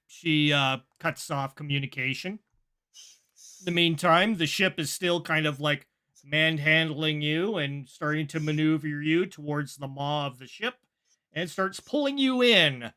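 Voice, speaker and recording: A man narrating a sci-fi tabletop game as game master, in a halting way with many fillers. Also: fairly high pitch, sharp tone, smooth.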